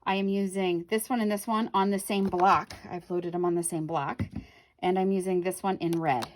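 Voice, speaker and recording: A woman's voice: fairly low pitch, fairly even intonation, moderate pace. Chatty woman teaching a paper craft. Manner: chatty, talks to viewers while working, self-correcting. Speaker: craft demonstrator. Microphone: camera on the craft table.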